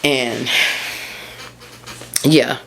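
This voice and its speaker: A woman's voice: rumbling low, fairly even intonation, very slow, creaky, a little hiss or hum. A woman, hosting a solo podcast and talking candidly and heartfelt, often drifting off track. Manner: candid, heartfelt, rambling and prone to losing her thread. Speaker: podcast host and mindset coach.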